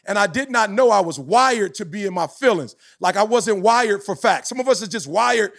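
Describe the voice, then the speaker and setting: A man in his forties giving a passionate podcast talk as a motivational speaker, emphatic with a preacher-like cadence that rises into shouts. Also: sits high, animated, moderate pace, gravelly. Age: 40s.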